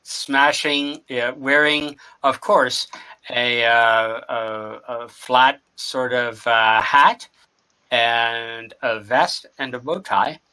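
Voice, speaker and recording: A man narrating a tabletop game as game master, describing scenes with many pauses and fillers. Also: mid-range voice, fairly even intonation, pushed and bright, clean tone, poor audio. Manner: hesitant, lots of fillers while describing scenes.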